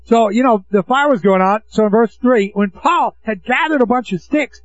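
A man's voice: very high voice, normal speed. A man preaching a sermon, emphatic and throwing rhetorical questions to the congregation. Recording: dull lo-fi recording.

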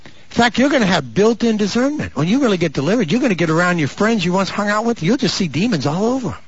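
Preaching with a husky, fairly high, sing-song voice, this pastor swoops up and down without pause, building to stretched-out, fervent shouts. His asides come in mock voices. The sound is muffled and lo-fi, with no room sound.

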